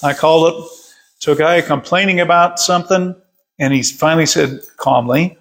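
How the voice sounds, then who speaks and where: A man's voice: a little high, moderate pace. An older man leading a casual Bible study from his workshop, folksy and chuckling as he tells stories.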